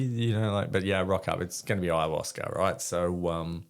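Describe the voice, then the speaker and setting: A man's voice: low voice, steady tone, normal speed, hardly any pauses. A middle-aged Australian man telling a story as a podcast guest, swearing freely, with many fillers. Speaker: podcast guest, army veteran. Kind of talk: casual storytelling in conversation.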